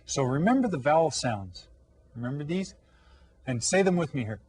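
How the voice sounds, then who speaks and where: A man teaching an elementary language lesson, patient and encouraging, pausing to ask children questions. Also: on the high side, lively intonation, darkish tone, slightly rough.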